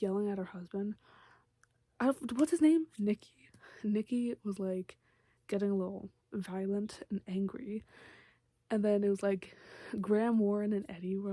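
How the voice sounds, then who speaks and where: A woman's voice: mid-range voice, vocal fry, dark tone, no room sound. A young woman vlogger chatting casually about a book and its TV adaptation, gushing and rambling with lots of filler words. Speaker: vlogger reviewing a book and its TV show. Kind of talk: casual chat.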